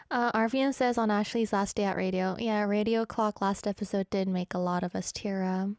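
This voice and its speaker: A young female radio host speaks in a steady, mid-range voice with a darkish tone at a normal speed. Recorded dry and studio quality on a studio microphone in a radio studio, she chats casually, reads listener messages, giggles frequently, and is self-deprecating.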